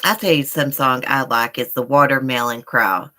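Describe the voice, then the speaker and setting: A woman's voice: extremely low pitch, normal speed, pushed and bright. A woman hosting a live stream from home, chatting casually and rambling while she talks to her viewers as y'all. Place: indoors at home.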